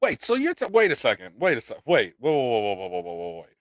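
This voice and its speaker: A man's voice: medium pitch, huge pitch swings, fast, no echo, clean studio sound. A man hosting a casual live-stream chat, ranting in exasperation and swearing constantly. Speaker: podcast host.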